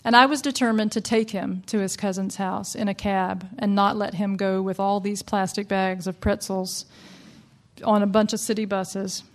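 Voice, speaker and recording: A woman's voice: mid-range voice, little pitch movement, moderate pace. A woman from the American South telling a personal story to an audience in a wry, conversational way.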